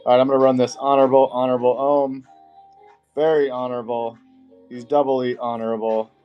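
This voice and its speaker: A man's voice: mid-range voice, flat delivery, fairly quick, clean tone, muffled recording, soft background music. A man hosting a live-stream auction, greeting viewers by name and rattling off card names.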